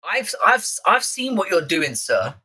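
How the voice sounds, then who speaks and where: A man's voice: sits high, sing-song, a little slow, sharp tone, husky. A young man with a London accent hosting a live stream chat, casually swearing and teasing the viewers in his chat.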